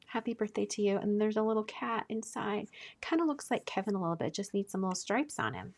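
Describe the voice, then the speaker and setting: A woman hosting a casual live stream, chatting and gushing as she opens mail, often dropping to a soft whisper. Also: medium pitch, fast talker. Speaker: card-making channel host.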